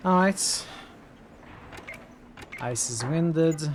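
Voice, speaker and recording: A man's voice: on the high side, very slow, background noise. A man streaming a tactics game, giving casual live commentary as he thinks aloud, corrects himself and reacts with surprised exclamations.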